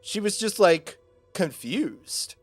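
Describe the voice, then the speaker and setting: A man's voice: sits high, expressive, slow pace, dry recording, faint music behind. A man in his twenties, a streamer, chatting casually with his viewers and rambling through a self-deprecating story full of fillers.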